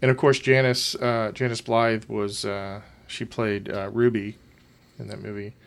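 A man's voice: fairly low pitch, level tone, unhurried, gravelly. A man hosting a casual trivia game among friends, chatty with frequent fillers. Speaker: quiz host.

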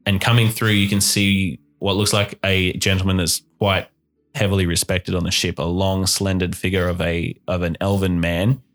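A man's voice: low voice, flat delivery, normal speed. A man narrating as game master in a tabletop game, describing scenes at length with fillers.

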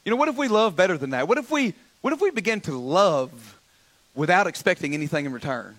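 A pastor preaching a sermon to his church, calling on the congregation to answer back, with frequent stammered restarts and swings up to loud exhortation. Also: high-pitched, quick pace. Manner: builds from calm teaching to loud, rising exhortation; frequent repeated starts and stammers. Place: church sanctuary.

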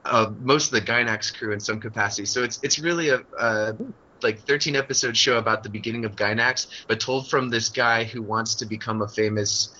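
Male podcast guest, sharp bright tone, enthusiastic rambler, dull recording. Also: mid-range voice, steady tone, brisk. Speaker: podcast guest, comic artist. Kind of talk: casual chat.

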